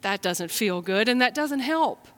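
A woman from the United States, a pastor telling a children's story and preaching a sermon in a gentle storytelling manner. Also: on the high side, lively intonation, unhurried. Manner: gentle, storytelling, speaks straight to listeners.

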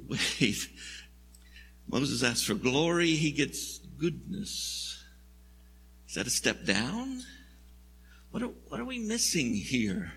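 A man's voice: medium pitch, big pitch swings, takes it slowly, pauses often, fairly bright tone, husky, big-room sound. A male pastor preaching a sermon, telling the story in a conversational, wry way with jokes.

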